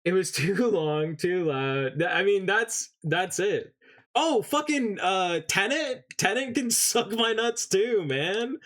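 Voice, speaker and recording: A man's voice: sits high, takes it slowly. A man who spent his early childhood in England, streaming and chatting casually, ranting with lots of swearing and greeting viewers. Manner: profane, animated ranting. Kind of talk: casual live-stream chat.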